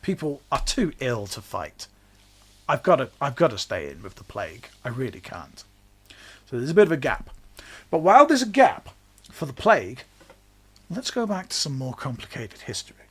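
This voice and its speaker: Man, podcast host, chatty, jokey history explainer, mid-pitched voice. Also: big pitch swings, moderate pace, breathy edge. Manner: chatty and jokey, laughs while talking.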